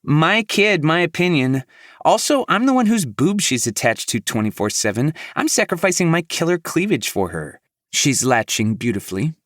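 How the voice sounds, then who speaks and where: Male narrator playing a cheeky young mom, blunt, high voice, brash. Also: sing-song, normal speed, a bit bright, no echo, clean studio sound.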